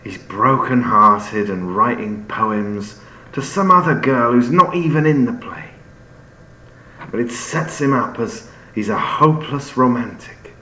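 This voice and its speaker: A man explaining a play in an unhurried storytelling manner, sometimes restarting with fillers as he searches for words. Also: mid-range voice, expressive, bright, forceful tone. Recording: echoey room with faint ambience.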